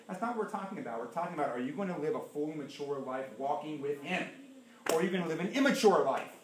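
A man preaching a sermon as pastor, animated, swinging between loud emphasis and hushed asides. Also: high voice, a little hiss or hum. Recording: echoey room.

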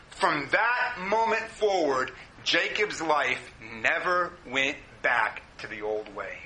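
High-voiced, intense preaching man. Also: animated, measured pace, bright, forceful tone, slight background noise. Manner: impassioned preaching, addresses the congregation directly. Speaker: pastor. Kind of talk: sermon. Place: church hall with a congregation. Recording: roomy echoing hall.

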